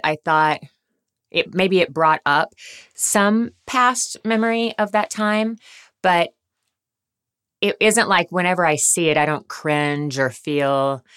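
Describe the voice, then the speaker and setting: Interview guest, female, low-pitched, reflective and candid about a past chapter. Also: smooth. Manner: candid, thoughtful, speaks calmly about the past.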